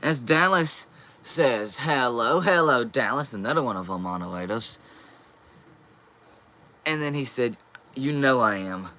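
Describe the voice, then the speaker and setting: A man's voice: medium pitch, lively intonation, a little slow, long pauses, pushed and bright. A young man hosting a casual live stream, reading viewer comments aloud and answering them.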